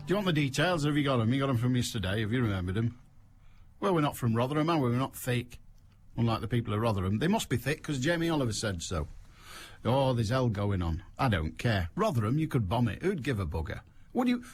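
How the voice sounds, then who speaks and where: A man's voice: medium pitch, a little hiss or hum. A man hosting a radio phone-in show, delivering a sarcastic, mocking, rambling monologue into a studio microphone.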